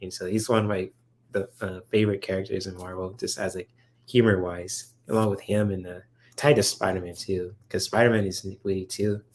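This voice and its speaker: A man's voice: deep voice, level tone, brisk, a little mellow. A man hosting a casual livestream, answering viewers' chat questions in a rambling, enthusiastic way with lots of fillers. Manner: rambling, filler-heavy, enthusiastic about comics.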